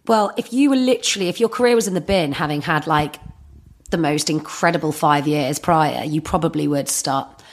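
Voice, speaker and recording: A woman co-hosts a podcast with blunt, emphatic opinions and casual swearing. Her voice is very low for a woman. It has a husky edge throughout. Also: normal speed. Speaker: podcast co-host. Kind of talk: casual chat.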